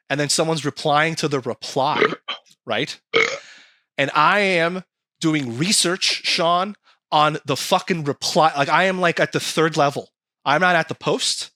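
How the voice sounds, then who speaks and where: A man chatting casually on a podcast, animated and swearing often as he acts out quoted comments. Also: on the high side, measured pace, dry recording, studio quality. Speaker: podcast co-host.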